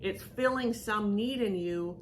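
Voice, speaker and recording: A woman hosting as a psychic medium, talking in a rambling, halting way with many fillers and restarts. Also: mid-range voice, a little hiss or hum. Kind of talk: casual reaction chat.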